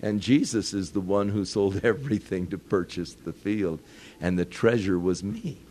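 A man's voice: low voice, normal speed, dark tone, a little hiss or hum. An older man preaching a sermon, telling folksy stories with chuckles and rising to earnest emphasis on his points. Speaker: pastor.

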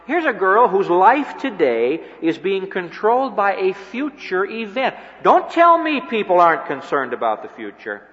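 A man's voice: sits high, wildly swooping pitch, a little slow, hardly any pauses, fairly bright tone. A man preaching a sermon, dramatically acting out imagined dialogues in a dull old broadcast recording with reverb.

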